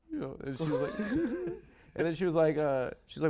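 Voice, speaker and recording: Gravelly rambling talk show host, a man. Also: fairly high pitch, huge pitch swings, brisk, warm tone. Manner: rambling, self-deprecating, swears freely. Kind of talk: casual comedic chat.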